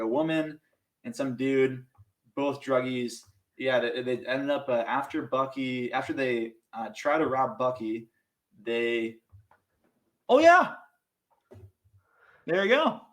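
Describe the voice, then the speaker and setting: A young man from Minnesota, a podcast guest, telling a story casually and animatedly, acting out voices and saying "like" a lot. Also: medium pitch. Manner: animated, acts out voices in his stories, many "like" fillers.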